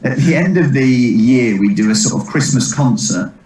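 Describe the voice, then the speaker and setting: A man, a comedian telling rambling stories in a relaxed interview, quick to laugh. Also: mid-range voice, slight background noise. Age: 30s. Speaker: comedian and impressionist guest. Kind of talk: casual interview chat. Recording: echoey distant mic.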